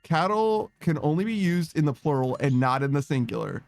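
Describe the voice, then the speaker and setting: A man's voice: a little high, sing-song, a little fast, vocal fry. A man streaming a game in casual chat, reading messages aloud, rambling, swearing often and laughing a lot.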